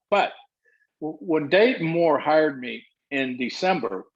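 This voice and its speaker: A man's voice: mid-range voice, creaky, slightly rough. An older man, a former baseball manager, telling stories in an interview and acting out the dialogue. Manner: animated storyteller acting out dialogue. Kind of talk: storytelling interview answers. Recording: muffled lo-fi audio.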